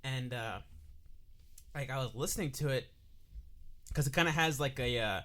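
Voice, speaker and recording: A man's voice: medium pitch, normal speed, fairly bright tone. Rambling male podcast co-host. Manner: rambling, heavy use of "like". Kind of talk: casual chat.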